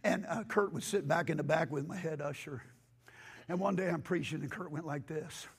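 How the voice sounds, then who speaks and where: A male pastor preaching a sermon in a church with impassioned, rising delivery, hoarse from losing his voice. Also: a little high, moderate pace.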